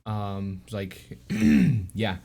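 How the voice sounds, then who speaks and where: A man narrates a tabletop game as its game master in a lowish voice. He talks very slowly and stops often to fill gaps with ums and uhs. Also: very animated, creaky, warm tone. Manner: halting, full of ums and uhs.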